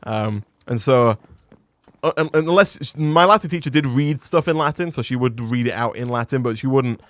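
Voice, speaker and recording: A man's voice: mid-range voice, moderate pace, no echo. A young English man hosting a casual gaming chat who rambles into playful rants and laughs often. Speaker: gaming channel host.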